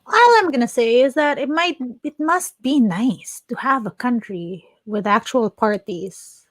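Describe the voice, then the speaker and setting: A woman from the Philippines co-hosting a podcast, talking politics in an opinionated, animated way. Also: fairly high pitch, unhurried, no echo. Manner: opinionated, animated, restarts mid-thought. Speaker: podcast co-host. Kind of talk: casual chat.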